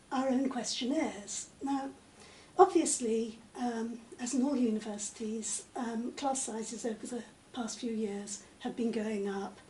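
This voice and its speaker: Older woman, high mellow voice, measured academic answers, recorded far off in an echoey room. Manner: measured, articulate, many "um" pauses. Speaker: interviewee, literature professor. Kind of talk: conversational interview. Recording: echoey room, mic at a distance, faint noise.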